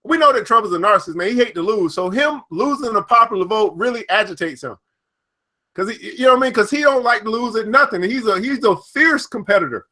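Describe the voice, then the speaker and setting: A man's voice: high voice, quick pace. A young man, hosting casual news and market commentary, reading headlines and riffing with frequent laughter. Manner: animated, laughs often, reads headlines then riffs. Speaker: financial commentary host.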